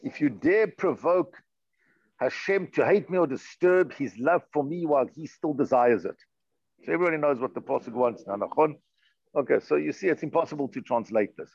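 A man teaching a Torah class online, explaining texts and chanting Hebrew verses slowly with Yiddish terms. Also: fairly high pitch, vocal fry, a little mellow, slightly rough, no echo, dull audio. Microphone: computer mic, online class.

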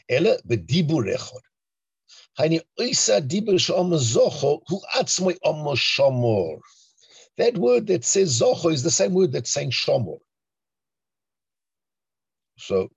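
A man teaching a Torah class in an animated, emphatic way, often asking rhetorical questions. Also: mid-range voice, husky, no room sound. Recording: dull lo-fi recording.

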